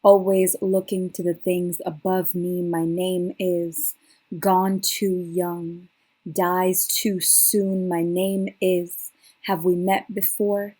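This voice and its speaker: Slow, even-toned woman reciting poetry. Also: lowish voice, slightly rough. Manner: slow, measured, repetitive incantatory delivery. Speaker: poet. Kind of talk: spoken word poetry performance.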